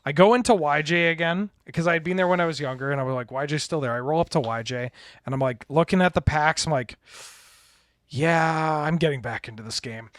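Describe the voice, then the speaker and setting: A man's voice: a little high, fast, a bit bright, no room sound. A man co-hosting a podcast, telling stories in casual chat and laughing often. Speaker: podcast co-host. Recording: dry close studio sound.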